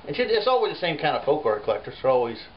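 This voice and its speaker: A folk artist, rambling through a comic monologue full of "you know.". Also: male voice, on the high side, sing-song, very fast. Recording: muffled home recording with faint hiss.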